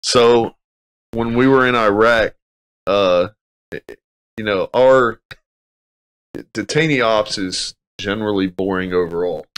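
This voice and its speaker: A man hosting a veteran talk show, chatting casually with quick joking interjections before telling his own story of service. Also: fairly low pitch, a bit bright, smooth. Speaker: veteran podcast host. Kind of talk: casual chat.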